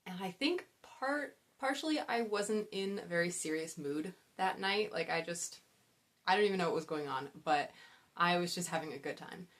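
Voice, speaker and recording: Chatty young woman, slightly low voice. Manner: chatty, rambling with side stories and self-aware laughs. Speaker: book vlogger. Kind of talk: casual book-tag chat.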